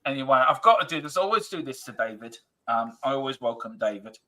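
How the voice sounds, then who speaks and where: A man with a very bright, forceful voice hosts a casual football fan stream. He jokes easily, reads viewer comments aloud and laughs along. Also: medium pitch, expressive, fast talker. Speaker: co-host of fan live stream. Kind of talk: casual chat.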